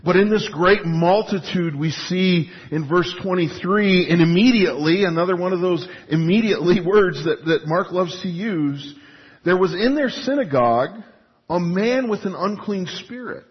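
A pastor preaching a sermon in an animated, emphatic, conversational way with frequent restarts. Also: male voice, sits high, normal speed, husky. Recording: dull lo-fi recording.

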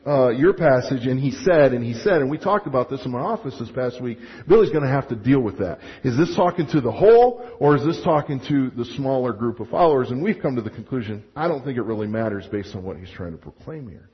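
A male pastor preaching a sermon in an animated way, acting out little scenes and restarting his sentences. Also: mid-range voice, a little fast, hardly any pauses. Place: church sanctuary. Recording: muffled sound with long hall reverb.

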